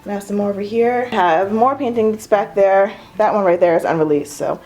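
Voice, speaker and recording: A woman's voice: medium pitch, brisk, darkish tone, faint music behind. A young woman giving a casual, self-mocking tour of her home art studio, chatty and giggly. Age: young adult. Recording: echoey room.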